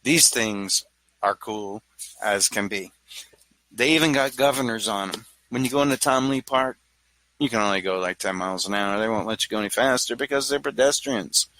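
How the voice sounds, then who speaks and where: Man, 40s; low, punchy, rambling speaker, dry close recording. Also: moderate pace, pushed and bright, dry recording, low-quality recording. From Louisiana. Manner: rambling, stammering restarts, jokey. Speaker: speaker on mental health. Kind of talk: casual talk to an audience.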